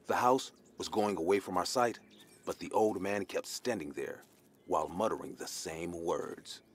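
A man reading a scripted horror story in the first person, in an even storytelling delivery. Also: deep voice, normal speed, slight background noise. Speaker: narrator.

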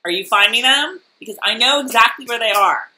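A woman's voice: a little high, fairly quick, sharp tone, slight background noise. A woman co-hosting a fan recap show, chatting playfully and laughing often. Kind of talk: casual chat.

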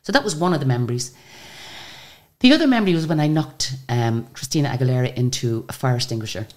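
Speaking fast in a deep, rumbling register, this Irish singer in her sixties chats away in a relaxed storytelling interview. Her sentences frequently break off and begin again as she lively recounts her tales.

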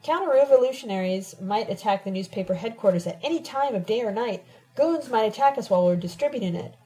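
Woman reading a smug young activist guy, self-satisfied and proclaiming, mellow audiobook voice. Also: on the high side, expressive, fast talker, lightly acted, rough recording.

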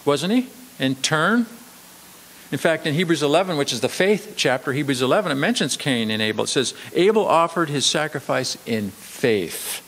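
Emphatic preaching man in a reverberant church. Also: fairly bright tone. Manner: dramatic, emphatic preaching with sudden drops to slow, low emphasis. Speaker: pastor. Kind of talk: sermon. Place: church sanctuary.

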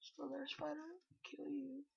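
A woman giving casual, self-mocking gameplay commentary, chatty and breaking into loud exclamations. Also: high-pitched, level tone, unhurried, vocal fry, no room sound. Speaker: gameplay video host. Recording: dull lo-fi recording.

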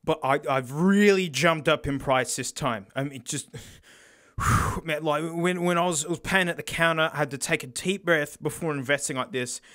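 Bright, high, joking Australian man. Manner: playful, sarcastic, quick restarts and stammers. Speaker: host. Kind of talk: casual comedic product review.

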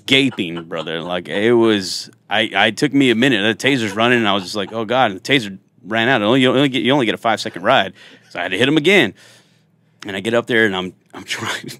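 On a podcast, a country singer in his thirties who used to be a police officer tells animated, jokey stories from his time on the force, acting out each quote in a rising, playful voice. He talks quickly in a slightly low voice, and the recording is close and dry.

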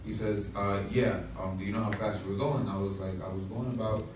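A man's voice: fairly low pitch, steady tone, fairly quick, noisy background. A man pastor telling a humorous story in a sermon, with asides to the congregation. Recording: echoey room from far off.

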